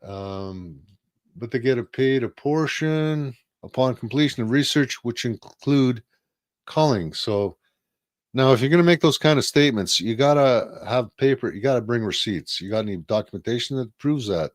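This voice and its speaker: A man's voice: mid-range voice, animated, moderate pace, dry recording, studio quality. A man co-hosting a casual live-stream talk show, blunt and profane, firing off rhetorical questions. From Canada.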